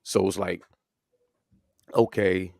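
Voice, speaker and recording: A man with a deep, slow voice, little pitch movement, vocal fry and a darkish tone co-hosts a podcast of casual sports chat. He rambles with lots of fillers and restarts, recorded at studio quality with no echo.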